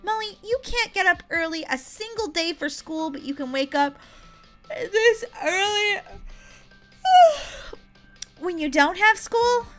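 A woman voicing a weary mom in a game role-play, speaking softly and lower than her own voice. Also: slow pace, pauses often, soft background music, exaggerated voice. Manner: soft, lower, weary and flat.

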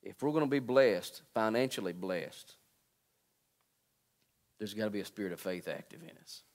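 A pastor in his forties preaching a sermon. He jokes with the congregation and calls out to them, swinging between quiet, low asides and loud, high preaching. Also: animated, moderate pace. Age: 40s. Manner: joking and calling out to the congregation.

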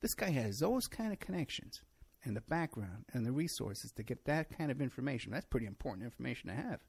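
A gravelly, slightly husky middle-aged man talks alone on his own show. His pitch swings widely as he rambles, jumps to sarcastic high notes and chuckles at his own points. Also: very animated, fast talker, darkish tone. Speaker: show host. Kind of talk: solo monologue commentary.

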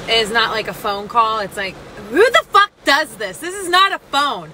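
A woman's voice: medium pitch, big pitch swings, a little fast, few pauses, sharp tone, a little hiss or hum, poor audio. A young woman casually vlogging her day from her car, chatty, swearing freely and poking fun at herself. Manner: profane, chatty and self-mocking. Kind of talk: casual day-in-the-life vlog.

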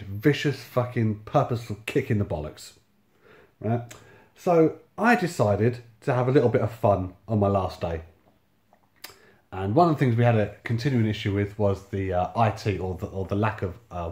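A man's voice: fairly low pitch, darkish tone, echoey room. A man in his thirties telling a personal story in a sardonic, sweary way, full of reported speech. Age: 30s. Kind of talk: casual storytelling monologue.

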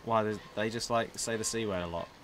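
A young man playing a video game and chatting casually, excitable and swearing freely, often breaking into laughter. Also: fairly low pitch, brisk, noisy background. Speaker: let's play player. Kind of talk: casual gameplay commentary.

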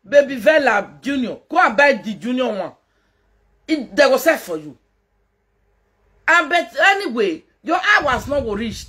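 Husky Nigerian woman ranting mockingly. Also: high voice, fairly bright tone. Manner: mocking, laughing, scolding. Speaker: social media commentator. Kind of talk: casual live-stream gossip rant.

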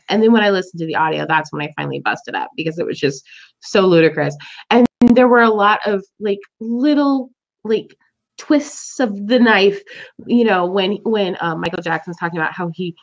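A woman hosting a casual book discussion podcast, laughing often and telling her reactions with animated voices. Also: medium pitch, normal speed, highs cut off. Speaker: podcast host.

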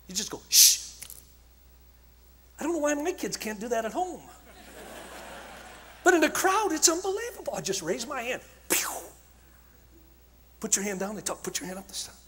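A man preaching at a conference, telling stories with passion, shouting at times and dropping to a hush at others. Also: sits high, slight background noise. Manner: impassioned storytelling, swinging from shouts to hushed tones. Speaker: evangelist speaker. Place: large conference hall. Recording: long hall reverb.

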